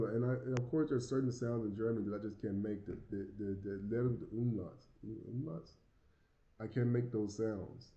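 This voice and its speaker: An American vlogger living abroad, a Southern man with a lisp, talks loosely to the camera, rambling and tripping over repeated words. His voice is on the low side, very dark and mellow, in a roomy, slightly muffled recording with echo like a home setup.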